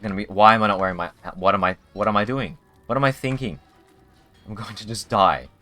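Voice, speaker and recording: A man's voice: fairly low pitch, fairly quick, pushed and bright, soft background music. A man streaming a video game live, chatting casually in a rambling way with many restarts. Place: home streaming setup.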